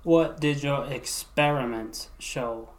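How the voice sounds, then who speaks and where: Told by a woman putting on a lower voice, a gruff army colonel grills a scientist in a slow, flat drawl. He sounds set back and a little distant, short on patience and giving nothing away. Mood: stern. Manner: flat, clipped questioning. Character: stern, impatient male military colonel interrogator.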